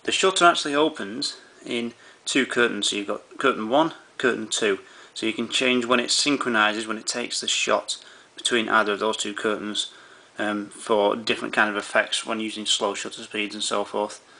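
A man's voice: fairly low pitch, steady tone, normal speed, creaky, hardly any pauses, bright, forceful tone. A man walking through camera menu settings in an easygoing way, with many fillers and restarts. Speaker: camera tutorial presenter. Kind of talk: explaining camera settings step by step.

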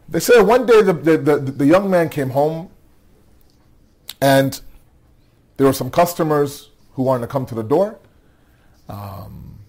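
A man's voice: fairly high pitch, a little mellow. A tired man telling a religious story to a nightly gathering, conversational, checking in with "okay?" and often restarting phrases. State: tired, yawning. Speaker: religious speaker.

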